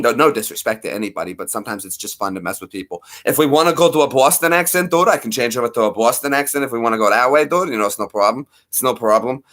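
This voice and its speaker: A man in his thirties hosts a casual livestream in a sharp-toned, medium-pitched voice. He rambles playfully and talks to viewers by name.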